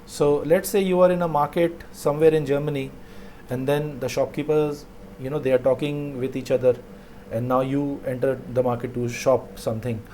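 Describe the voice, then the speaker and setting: Mellow-voiced male language teacher. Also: medium pitch, steady tone, a little hiss or hum. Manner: repeats phrases slowly and explains them. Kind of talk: online language lesson.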